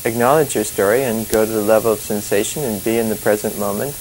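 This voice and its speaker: A man's voice: on the low side, steady tone, fast talker, darkish tone, slight background noise, low-quality recording. Chuckling, rambling male meditation teacher. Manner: chatty, rambling, laughs often, many "you know" and "you see" asides. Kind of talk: informal dharma talk.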